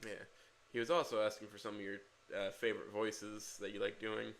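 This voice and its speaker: A man's voice: fairly low pitch, level tone, a little fast, creaky, a bit bright. A man interviewing a guest in a casual, joking, playful way.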